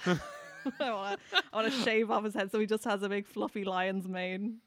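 A woman's voice: mid-range voice, normal speed. A woman playing a tabletop game, casual, giggly and mischievous, with some swearing. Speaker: player.

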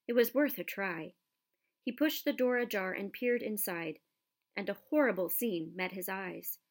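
A woman narrating a children's storybook in a measured, expressive reading. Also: medium pitch. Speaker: audiobook narrator.

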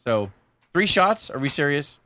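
A young man co-hosting a rowdy podcast, bursting out loud, swearing and exasperated. His voice is bright and fairly high, swinging widely in pitch as he rants. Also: very animated, unhurried, a little hiss or hum. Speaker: podcast co-host. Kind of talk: casual rowdy podcast banter.

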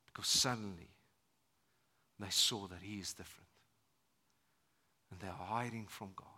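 A man preaching a sermon at a church service, moving between loud emphatic lines and hushed ones. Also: low-pitched, moderate pace. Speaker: pastor.

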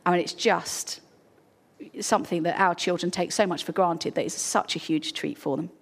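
A woman's voice: on the low side, moderate pace, creaky, slightly rough. A woman giving an informal, earnest talk to a church congregation, full of ums and restarts. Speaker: charity speaker at a church.

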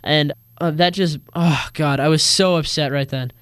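A man's voice: fairly high pitch, fairly even intonation, normal speed, fairly bright tone, clear, resonant tone, no echo, clean studio sound. A teenage boy giving an earnest, indignant account of his own experience in a personal monologue. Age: teens. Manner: earnest, indignant, acts out quoted voices.

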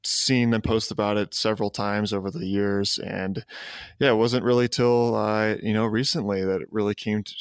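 A man's voice: fairly low pitch, fairly even intonation, moderate pace, clean tone, no room sound, clean studio sound. A man hosting a podcast interview, talking casually and hesitantly, with lots of fillers. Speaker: podcast host.

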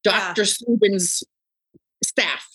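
A middle-aged woman hosting a podcast, telling stories in a casual, animated way and acting out the people she quotes. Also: medium pitch, takes it slowly. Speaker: podcast host. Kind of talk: casual interview chat.

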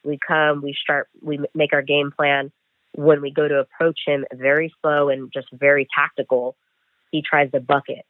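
Guy on a phone call telling a work story, acts out the back-and-forth, kinda high voice, thin tinny sound. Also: normal speed, no echo. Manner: animated, acts out dialogue with "I'm like". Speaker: bail enforcement agent. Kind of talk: storytelling in an interview. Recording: tinny phone line, dry.

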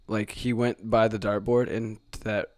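Young man with a lowish voice, meandering profane anecdotes, dry sound. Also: little pitch movement, a little slow, a little mellow, dry recording. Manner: rambling, profane, trailing asides. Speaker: podcast co-host, bartender. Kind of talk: casual chat.

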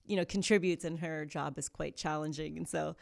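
A woman being interviewed as a guest, telling stories in an animated, upbeat way. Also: deep voice, fairly quick, gravelly. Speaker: yoga studio co-founder, guest. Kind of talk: casual interview chat.

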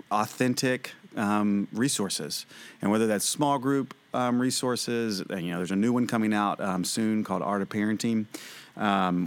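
An earnest middle-aged man with a lowish voice talks through his answers. He rambles a little, circling back with fillers and restarts as he explains. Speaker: ministry president, guest. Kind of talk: conversational interview answers.

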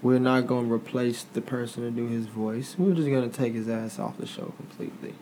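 A man co-hosting a podcast in casual chat, joking around with quick interjections. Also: mid-range voice, fairly even intonation, mellow, slight background noise. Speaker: podcast co-host.

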